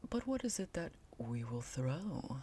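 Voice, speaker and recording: A woman voicing a quiet, earnest young male roommate with an Indian accent, speaking slowly and softly. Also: very deep voice, big pitch swings, noisy background, exaggerated voice. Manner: slow, soft, near-whispered.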